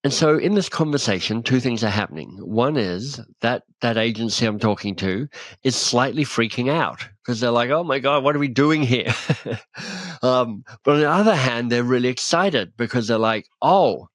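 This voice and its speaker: A man being interviewed as a guest author, telling animated stories and acting out dialogue in a conversational podcast chat. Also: medium pitch, moderate pace, dry recording. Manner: animated storyteller, acts out dialogue.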